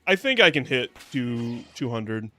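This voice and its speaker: A hoarse young man chatting casually while streaming a video game, rambling, joking at himself and laughing often. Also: medium pitch, very animated, a little slow, bright, forceful tone. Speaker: VTuber streamer. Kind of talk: casual gameplay stream chat.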